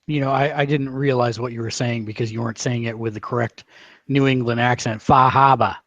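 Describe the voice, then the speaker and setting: A man's voice: mid-range voice, steady tone, brisk, no room sound, lo-fi sound. A man co-hosting a gaming podcast, chiming in with casual, joking asides. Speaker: podcast co-host.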